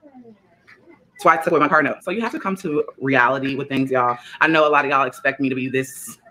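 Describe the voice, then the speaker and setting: Woman vlogger, rapid chatty rambling, low voice. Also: bright, forceful tone, rough recording. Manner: rambling, chatty, addresses viewers as y'all. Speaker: content creator and mom. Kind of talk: casual rambling vlog talk.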